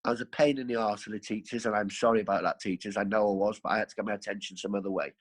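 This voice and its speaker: A man's voice: lowish voice, fairly even intonation, very fast, rough recording. A man, a podcast guest, telling his life story in a rambling, earthy way, correcting himself as he goes. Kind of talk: candid storytelling.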